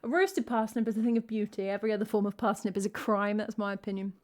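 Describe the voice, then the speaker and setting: A woman's voice: medium pitch, fast, a little mellow. A woman from England, a singer-songwriter chatting playfully with wry jokes between songs on her live stream. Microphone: headphones and stream mic.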